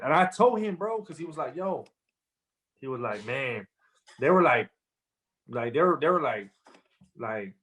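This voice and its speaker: A man's voice: mid-range voice, a bit bright. Guy on a podcast rambling thru a story, tons of slang and fillers. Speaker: rapper guest. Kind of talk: casual interview storytelling.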